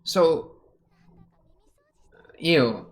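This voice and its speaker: A man's voice: a little high, expressive, extremely slow. A young man hosting an anime reaction video, talking casually and joking in muttered asides as he watches.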